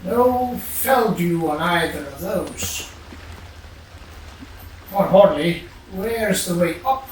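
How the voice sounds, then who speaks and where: Slow muttery let's play voice, kinda far from the mic, super echoey room, faint hiss. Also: mid-range voice, expressive. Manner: musing, mutters to self, hums. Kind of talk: casual gameplay commentary.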